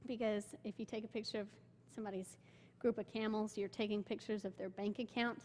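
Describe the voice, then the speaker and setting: A young woman in a church giving an excitable, informal report from a mission trip, filling her speech with "like". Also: mid-range voice, brisk, slight background noise. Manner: excitable storytelling, many "like" fillers. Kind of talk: informal talk with slides. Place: church sanctuary. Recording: long hall reverb.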